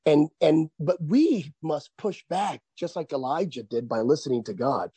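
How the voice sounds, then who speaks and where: Emphatic preaching man, mellow husky voice. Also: on the high side, lively intonation, no echo. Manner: emphatic, preacher-like cadence, drawn-out stressed phrases. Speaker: pastor and author guest. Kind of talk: preaching on a radio talk show.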